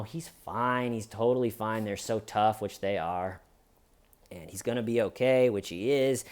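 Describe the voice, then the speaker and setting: A young adult man vlogging, telling a personal story casually and acting out quoted lines in a raised voice. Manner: animated retelling, acting out quoted lines with higher pitch.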